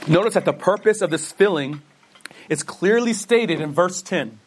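A man's voice: high voice, animated, moderate pace, slight background noise. A man preaching a sermon, earnest, posing questions and answering them himself, who says he stutters and often restarts words. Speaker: pastor.

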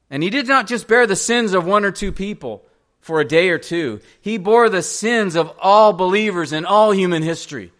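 A man's voice: high-pitched, a bit bright. A male pastor preaching a sermon in a church, earnestly pressing direct questions on the congregation.

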